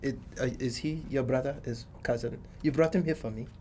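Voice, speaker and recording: A man's voice: medium pitch, a little fast, a little mellow, slight background noise. A man in a tabletop role-play speaking in character, stiff and formal with a cool, detached manner. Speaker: player.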